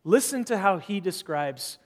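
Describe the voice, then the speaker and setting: A man's voice: sits high, lively intonation, unhurried, in a large hall. A man preaching a sermon in a conversational, rambling way, full of asides and rhetorical questions. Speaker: pastor.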